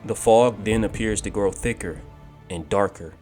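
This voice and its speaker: Low-voiced man narrating over loud music. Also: normal speed. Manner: steady descriptive storytelling. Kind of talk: scripted narration of a fan-made game story.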